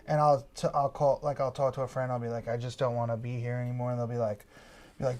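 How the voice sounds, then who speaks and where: A man's voice: mid-range voice, quick pace, a little mellow. A man appearing as a podcast guest who talks candidly and expressively, often restarting his sentences. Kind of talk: casual podcast chat.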